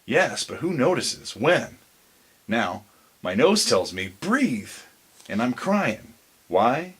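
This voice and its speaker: A man's voice: mid-range voice, sing-song, slow, a bit bright, slightly rough, voice pushed up, exaggerated voice. A man voicing a tearful, wistful old barber in a storybook reading, musing aloud in emotional questions.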